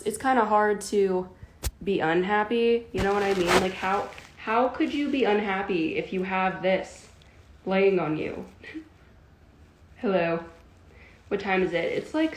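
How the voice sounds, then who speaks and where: A giggly young woman in her early twenties, chatting loosely to viewers on a phone livestream from home. Her voice sits at an ordinary middle pitch, and she rambles from one aside to the next. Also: unhurried, slight background noise. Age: early 20s. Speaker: livestream host. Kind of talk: casual livestream chat. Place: at home with a kitten.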